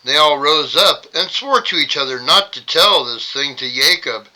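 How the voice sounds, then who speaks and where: Man, Bible study host, scripture reading, wry sarcastic asides, very bright voice. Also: a little high, lively intonation, moderate pace, rough recording. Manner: wry, sarcastic side comments.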